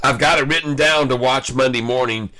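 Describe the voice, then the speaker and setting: Guy day-trading live and trash-talking the shorts, bright edgy voice, dry no-room sound. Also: medium pitch, brisk, dry recording. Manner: taunting, excitable, talks to viewers as folks. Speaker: stock day-trader streaming live.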